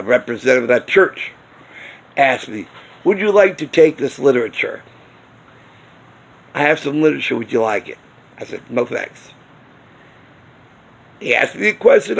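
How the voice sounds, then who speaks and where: Indignant male vlogger, slow husky gravelly delivery, rhetorical rant. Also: medium pitch, fairly bright tone. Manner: indignant, ranting with rhetorical questions. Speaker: video blogger. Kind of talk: casual opinion vlog. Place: outdoors near a smoking area.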